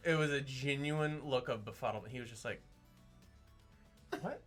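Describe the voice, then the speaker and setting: A man's voice: mid-range voice, quick pace, a bit bright, faint music behind. A man co-hosting a casual film podcast, teasing his partner and telling stories. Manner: chatty, teasing, tells stories. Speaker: podcast co-host. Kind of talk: casual chat.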